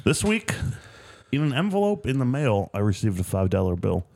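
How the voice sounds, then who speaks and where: A man's voice: medium pitch, very animated, normal speed, creaky, darkish tone. Joking, foul-mouthed male podcast host. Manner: loose, joking, swears a lot. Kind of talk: casual crude podcast banter.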